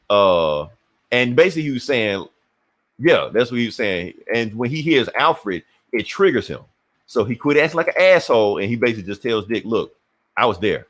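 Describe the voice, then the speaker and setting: A man's voice: on the low side, fairly bright tone. A man hosting a podcast, casually retelling a comic book story and acting out the characters' lines. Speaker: podcast host.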